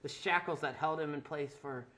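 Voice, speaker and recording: Fairly high-pitched with a sharp tone, a young man at a moderate pace theatrically reads a poorly written fanfic for laughs. He keeps breaking off into laughter and sarcastic, wry remarks on the writing.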